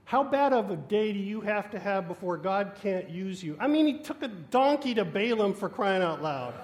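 A man preaching a sermon, telling a story in an animated and self-mocking way. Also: high voice, normal speed. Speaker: guest preacher.

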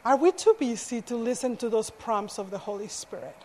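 A woman's voice: a little high, animated, a little fast, darkish tone, a little hiss or hum. A woman preacher telling a personal story in a sermon, earnest, with self-deprecating asides. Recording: echoey hall reverb.

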